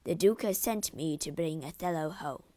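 A woman's voice: deep voice, normal speed, warm tone, dry recording, natural voice. A woman voicing a formal male envoy from the duke.

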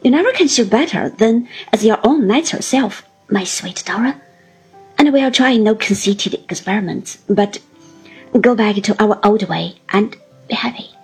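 Woman reading earnest young husband, gentle reassuring tone, husky, storybook reading. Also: mid-range voice, animated, moderate pace, faint music behind. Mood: tender.

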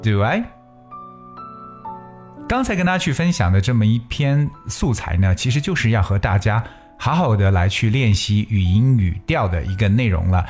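Lively low-voiced male English teacher. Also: faint music behind. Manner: reads sentences slowly, then repeats and spells words letter by letter; stresses key words deliberately to demonstrate intonation. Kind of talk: bilingual English lesson, reading aloud and explaining.

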